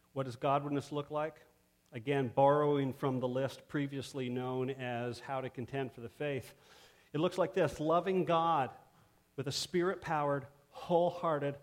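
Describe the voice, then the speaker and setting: A man preaching a sermon, measured and emphatic, pausing to stress key words. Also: medium pitch, darkish tone. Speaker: pastor.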